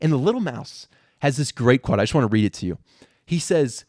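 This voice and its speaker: A man's voice: mid-range voice, expressive, a little fast, darkish tone, dry recording, studio quality. A young man hosting a Christian podcast, giving an impassioned motivational talk and often repeating words when stirred. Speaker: podcast host.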